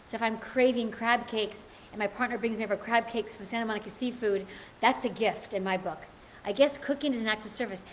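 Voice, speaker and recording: A woman's voice: a little high, fairly even intonation, fairly quick, slight background noise. Chatty woman hosting a live stream. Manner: chatty, reads and answers viewer comments. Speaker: livestream host. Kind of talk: casual live-stream chat with viewers.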